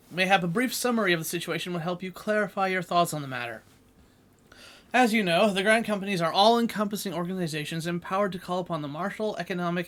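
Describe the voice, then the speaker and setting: A man's voice: high voice, a bit bright. A man plainly reading a composed noblewoman advisor's formal, archaic game dialogue.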